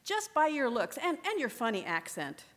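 A woman's voice: high voice, huge pitch swings, moderate pace, a bit bright, pitched above the performer's own voice, heavily acted. A woman reading aloud as a weary, irritable male border soldier, questioning with dry skepticism. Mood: curt, sardonic. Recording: echoey room with long reverb.

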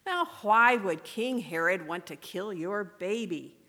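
A woman with a medium-pitched, expressive and sharp voice reads slowly as a weary, irritable male border soldier, questioning with dry skepticism in a curt, sardonic mood. The room is echoey with long reverb.

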